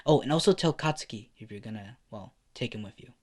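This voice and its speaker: A man voicing a middle-aged mother in an amateur fan story, gentle and fussing, his voice raised well above his own. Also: lowish voice, animated, fast. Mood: motherly.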